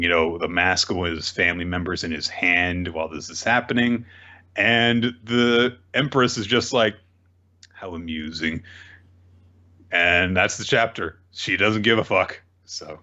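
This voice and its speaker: A man's voice: fairly low pitch, a little slow, bright, forceful tone, highs cut off. A young man co-hosting a casual comics recap in a laid-back, wry way. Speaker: podcast co-host.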